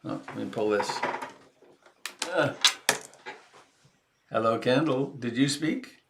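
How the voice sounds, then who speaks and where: Slow, gravelly man hosting a meditation call. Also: mid-range voice, heavy background noise. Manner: unhurried, rambling, joking. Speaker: meditation group host. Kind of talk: casual group chat on a video call. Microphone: video call.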